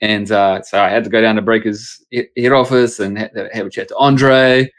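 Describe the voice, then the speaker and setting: A man's voice: on the low side, steady tone, moderate pace. A man, a pastor and sports chaplain, telling stories casually in an interview and acting out the voices of people he quotes.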